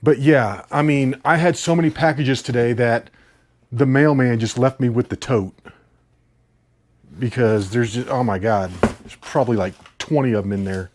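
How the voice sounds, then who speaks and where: A man chatting casually as he unboxes a haul, eager and a little rambling. His voice sits at an ordinary middle pitch, and he laughs easily between his thoughts. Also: normal speed, darkish tone. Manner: enthusiastic, rambling, laughs often. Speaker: host.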